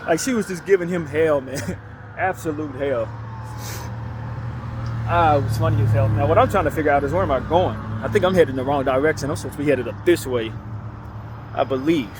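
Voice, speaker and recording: A man's voice: on the high side, a little fast, pauses often, noisy background. A man casually telling a rambling story while walking outdoors, often chuckling. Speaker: vlogger. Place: outdoors on a city street, walking.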